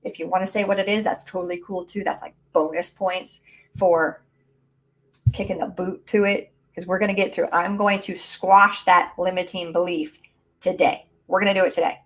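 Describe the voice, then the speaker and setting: A woman coaching viewers in an emphatic, rallying live talk, speaking straight to her audience through a low-quality mic. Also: fairly even intonation, normal speed. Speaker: mindset and business coach. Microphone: low-quality built-in mic.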